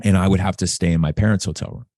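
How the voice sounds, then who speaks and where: Male guest, lowish mellow voice, dry close sound, intense and candid delivery. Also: fairly even intonation, rapid-fire, no room sound. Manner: intense, candid, repeats phrases when emotional. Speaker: podcast guest. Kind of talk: earnest conversational storytelling.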